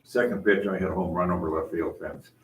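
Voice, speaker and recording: A man's voice: low-pitched, fairly even intonation, brisk, a little hiss or hum. A man in his eighties chatting in a gym, telling rambling stories with lots of restarts. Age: 80s. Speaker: guest. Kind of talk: casual chat, storytelling. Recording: roomy, distant from the mic.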